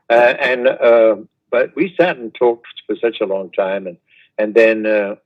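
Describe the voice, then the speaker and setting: An older man, a guest reminiscing in an unhurried, rambling way over a video call. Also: lowish voice, phone-quality sound. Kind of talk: casual interview chat.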